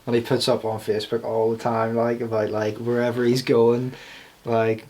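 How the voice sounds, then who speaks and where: A man talking as a podcast guest in casual chat, laughing often as he tells quick anecdotes. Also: mid-range voice, completely flat delivery, darkish tone.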